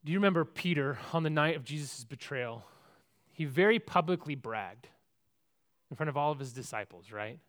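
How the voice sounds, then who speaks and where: A man preaching a sermon, telling a Bible story with big swings between loud and hushed, often repeating words and restarting sentences. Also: on the high side, expressive, normal speed. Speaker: pastor.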